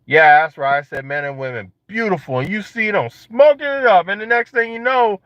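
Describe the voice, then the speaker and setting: A young man casually joking and riffing to his viewers in a vlog, slangy and animated. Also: sits high, brisk, no echo. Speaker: vlogger. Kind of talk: casual monologue to camera. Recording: dull lo-fi sound.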